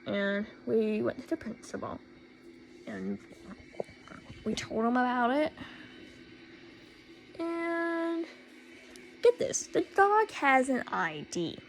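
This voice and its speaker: Teen girl vlogger, fairly high pitch, sarcastic storytime rant. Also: a little hiss or hum, low-quality recording. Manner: indignant, sarcastic, repeats herself for emphasis.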